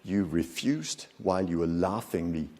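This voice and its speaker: A man's voice: low-pitched, expressive, normal speed, a little mellow. A man in his fifties giving a live conference lecture, talking conversationally with jokes and questions for the audience. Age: 50s. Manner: conversational, joking, quizzes the audience. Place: large conference hall. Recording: long hall reverb from the lecture room.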